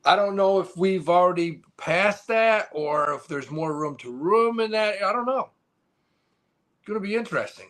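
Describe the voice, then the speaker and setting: Lively, slightly high-voiced man. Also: moderate pace. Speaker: podcast co-host. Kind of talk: casual podcast chat.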